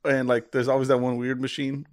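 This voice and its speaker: A man's voice: medium pitch, completely flat delivery, brisk. A young man co-hosting a podcast, chatting playfully, teasing and giggling. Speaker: podcast co-host. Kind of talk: casual chat.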